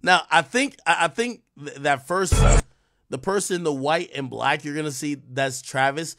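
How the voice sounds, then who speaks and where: A man's voice: fairly high pitch, moderate pace, sharp tone, faint music behind. A man hosting a live stream, giving casual, rambling commentary full of profanity and trash talk. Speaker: livestream host.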